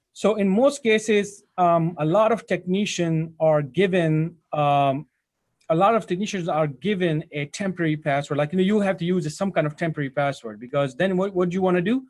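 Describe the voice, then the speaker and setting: A man's voice: high voice, a little mellow. A man teaching a live IT training session, talking casually to his students, often rambling and correcting himself mid-sentence. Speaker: IT instructor. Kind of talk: live software training walkthrough.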